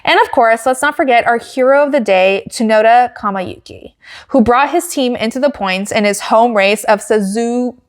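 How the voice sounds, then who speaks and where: A young woman hosting a podcast, giving a chatty, giggly, animated race recap. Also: a little high, moderate pace. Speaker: podcast host.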